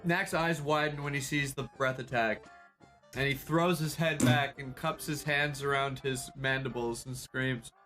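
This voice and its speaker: A man playing a tabletop game, describing his character's actions in a slow, gravelly manner. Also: medium pitch, steady tone, over music. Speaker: player.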